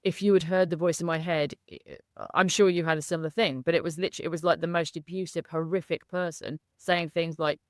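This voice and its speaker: A woman's voice: fairly low pitch, steady tone, fast, few pauses, dry recording, studio quality. A woman speaking as a guest in a candid interview, effusive and emotional, laughing often. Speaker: coaching client, guest.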